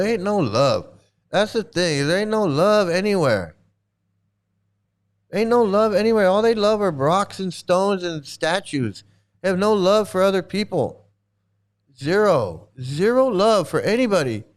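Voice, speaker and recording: A man ranting in angry commentary as a former member, profane and repetitive, restarting his sentences. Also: high voice.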